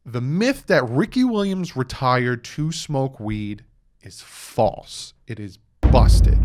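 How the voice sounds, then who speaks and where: A young man hosting his own sports channel, telling a story in a casual, animated way, acting out quotes and tossing in "right?" asides. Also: mid-range voice, background noise. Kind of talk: casual sports commentary vlog.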